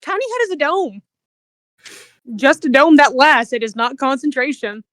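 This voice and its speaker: A woman's voice: high-pitched, lively intonation, normal speed, fairly bright tone. A woman playing a tabletop game, chatting casually in a cheeky, confident and giggly way. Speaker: player.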